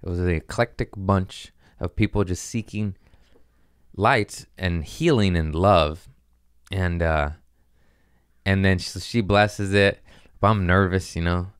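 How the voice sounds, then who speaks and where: A young man with a low, deep voice tells a rambling, profane comedy story, laughing at himself and acting out other people's lines. The sound is close and dry, with no room around it. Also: slow pace, smooth, no echo. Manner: profane, self-mocking, animated with quoted voices. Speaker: podcast host.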